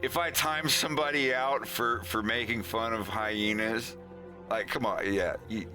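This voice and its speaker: A man's voice: on the low side, steady tone, unhurried, music in the background. A man chatting casually on a live stream, rambling, laughing often and making fun of himself. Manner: laughing, self-mocking, rambling.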